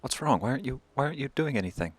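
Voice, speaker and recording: A man doing a shrill, pushy French officer. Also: lively intonation, very fast, no echo, natural voice. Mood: pushy, indignant. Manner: shouting commands, whining and wheedling. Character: pompous, pushy male French army officer.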